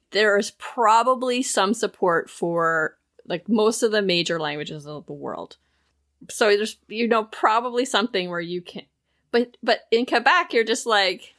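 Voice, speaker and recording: A woman's voice: mid-range voice, fairly bright tone. Chatty woman explaining things. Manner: chatty, explains at length with many fillers. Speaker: podcast co-host. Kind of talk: casual chat.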